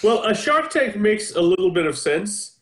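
Animated man in a roomy echo. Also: high-pitched, normal speed. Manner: animated storyteller, laughs often. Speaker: podcast host. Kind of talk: casual chat.

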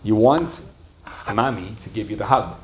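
A man teaching a class, telling a story with lively rises and soft drops and asking his listeners questions. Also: on the low side, moderate pace, a little hiss or hum. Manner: animated storytelling, rising excitedly and dropping softly. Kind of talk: lively lecture with questions to the audience.

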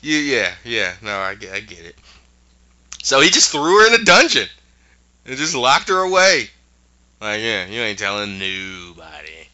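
A man's voice: mid-range voice, very animated, moderate pace, pauses often, bright, forceful tone, lo-fi sound. A man co-hosting a podcast, casually retelling a show's plot with acted-out quotes. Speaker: podcast co-host recapping a show. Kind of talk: casual chat.

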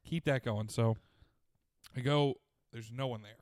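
A man's voice: medium pitch, unhurried, darkish tone, no echo. A man in casual chat, telling a rambling, profane story and laughing often as he goes. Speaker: podcast co-host telling a story.

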